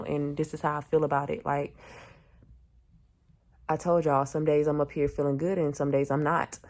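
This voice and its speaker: A woman's voice: deep voice, darkish tone. A young woman, venting in a candid vlog and speaking bluntly with heavy swearing and slang into a phone camera. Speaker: vlogger.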